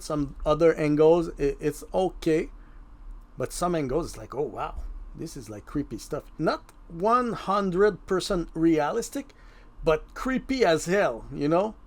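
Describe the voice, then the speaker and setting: Man, French accent, casual voice-over tutorial, slow unhurried delivery, self-deprecating, drops a swear now and then. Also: a little high. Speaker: mask-making channel host.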